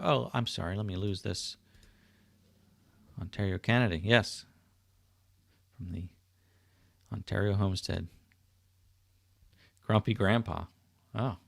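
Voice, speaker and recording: A middle-aged man hosts a casual livestream from indoors at home on a webcam setup, chatting easily and greeting viewers by name as he reads their comments. His voice is low-pitched, gravelly and a little slow, with long pauses. The recording is dry.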